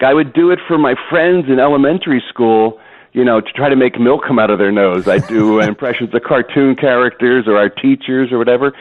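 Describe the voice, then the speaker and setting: A man being interviewed about voice acting and impressions, talking in an animated way and slipping into impressions. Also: mid-range voice, a little fast. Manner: animated, jokes and slips into impressions. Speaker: guest voice actor and impressionist. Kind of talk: phone interview. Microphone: phone. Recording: tinny phone line.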